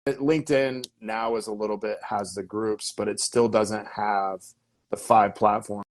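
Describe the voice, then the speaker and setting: A man with a fairly low voice talks as a podcast guest, coaching listeners on marketing. He speaks with emphasis and energy, repeats his words and poses rhetorical questions to them. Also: fairly even intonation, a little slow.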